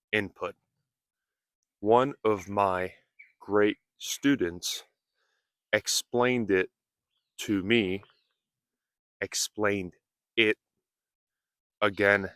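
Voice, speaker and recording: A man's voice: lowish voice, fairly bright tone, clean tone, dry recording, clean studio sound. A male English teacher speaking in short, careful phrases while walking outdoors, a little out of breath. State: slightly out of breath. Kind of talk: slow, deliberate teaching speech. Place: outdoors on a nature walk.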